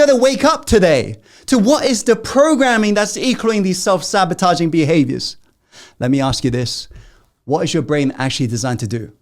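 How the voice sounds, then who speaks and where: A man giving a motivational masterclass to an audience, peppering them with questions and swinging between loud rallying and hushed intensity. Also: high voice, lively intonation, moderate pace. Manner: asks the audience constant questions. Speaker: self-help coach.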